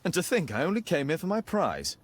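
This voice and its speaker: A cool, aloof detective from a mystery game, wry and teasing. His pitch moves a lot, and the sound is dry and close. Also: wildly swooping pitch, brisk, no echo.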